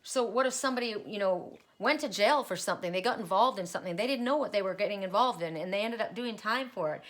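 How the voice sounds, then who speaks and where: A woman's voice: medium pitch, fast talker, a bit bright. A middle-aged woman giving a solo oracle card reading, musing aloud and repeating card messages in rambling asides.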